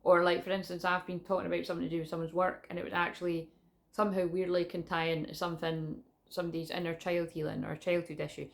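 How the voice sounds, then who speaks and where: A woman's voice: fairly low pitch, level tone, fast. A Scottish woman, a psychic reader, chatting to camera in a casual, rambling spiritual vlog, often restarting her sentences and swearing now and then. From Scotland. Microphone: camera in front of her.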